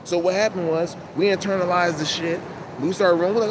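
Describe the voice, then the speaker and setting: A man talking to camera in a casual, rambling monologue, animated and full of profane street slang, outdoors. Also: high voice, brisk. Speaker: channel host. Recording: loud outdoor traffic noise.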